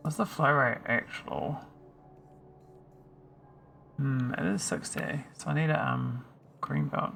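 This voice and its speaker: A man's voice: mid-range voice, very animated, slow, creaky, long pauses, fairly bright tone, a little hiss or hum. A man streaming a game, chatting casually and teasing his viewers while he thinks aloud. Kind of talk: casual live-stream chat while playing.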